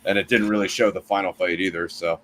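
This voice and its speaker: Low-voiced man hosting a film review chat. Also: fairly even intonation, fast, a bit bright. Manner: conversational, lots of fillers and restarts. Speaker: film review show host.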